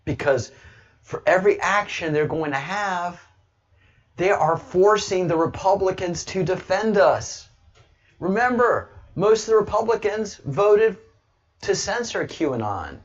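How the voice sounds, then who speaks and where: A man talking casually on his livestream, rambling and now and then breaking into loud, excited bursts. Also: sits high, unhurried, lo-fi sound. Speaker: livestreamer, political commentator.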